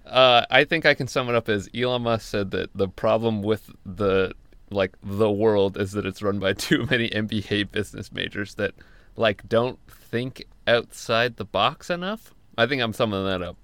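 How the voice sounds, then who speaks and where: A man co-hosting a casual chat show, with a lowish voice that still has a bright edge. He asks wry questions and reacts in a low-key way. The room sound around him is dry. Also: moderate pace, dry recording.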